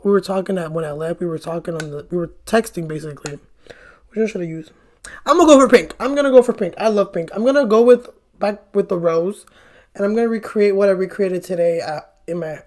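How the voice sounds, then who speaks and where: A man's voice: high voice, darkish tone. Chatty young man telling a dating story. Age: young adult. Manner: chatty and rambling, with frequent swearing and "bro". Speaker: vlogger. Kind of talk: casual storytelling while doing makeup.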